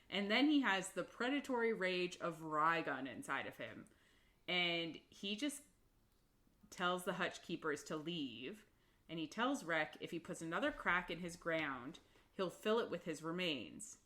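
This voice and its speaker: Podcast co-host, female, unhurried and low, chatty summarizer who laughs easily. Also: expressive, pushed and bright. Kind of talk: casual book recap chat.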